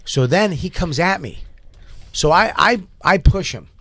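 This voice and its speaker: A man tells a story to friends in a lively, profane, animated way. His voice sits a bit high for a man. The sound is dry and close to the mic. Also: unhurried, dry recording. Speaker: podcast co-host telling a story. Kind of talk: casual storytelling among friends.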